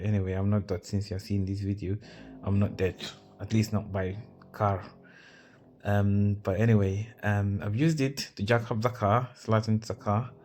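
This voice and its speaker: Male vlogger, low-pitched, Arabic, chatty and self-mocking with lots of tangents. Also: darkish tone. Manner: rambling, self-mocking, with many asides. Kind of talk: casual talk over car-maintenance footage.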